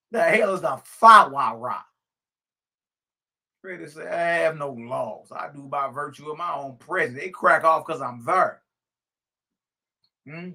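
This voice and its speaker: His voice is mid-range and sharp as he reads scripture aloud while teaching a religious lesson. Between passages he laughs frequently and chats casually, tossing out "Hmm?" and "Huh?" again and again.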